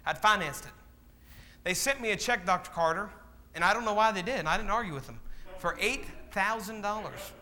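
Man preaching, very high voice, piercing bright tone, call-and-response questions. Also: lively intonation, a little fast. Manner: acts out quoted voices. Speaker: pastor. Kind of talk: sermon. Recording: long hall reverb.

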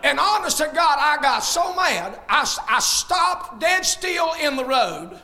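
A man preaching at full volume, with a very high, piercing voice. He shouts his points, then drops into folksy, joking asides. It is a fiery sermon from the pulpit. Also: sing-song, unhurried. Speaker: pastor.

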